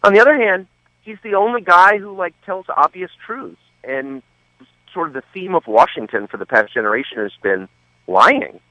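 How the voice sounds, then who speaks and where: A man talks on political radio with a lively, wide-swinging delivery, his pitch leaping as he drives a point home. He is sardonic, with quick asides. His voice comes through a dull, lo-fi line with no room sound. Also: no echo. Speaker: radio show guest. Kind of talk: political talk radio interview.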